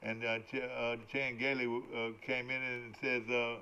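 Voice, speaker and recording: A man's voice: mid-range voice, little pitch movement, unhurried, sharp tone. An older man hosting a casual sports talk show, rambling with many hesitations and restarts. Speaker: morning talk show host. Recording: dull lo-fi broadcast audio.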